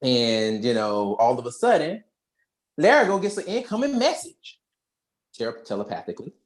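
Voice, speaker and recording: A young adult woman co-hosting a podcast, casually retelling a movie plot in slangy, animated storytelling. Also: extremely low pitch, moderate pace. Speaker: podcast co-host. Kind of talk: casual movie recap chat.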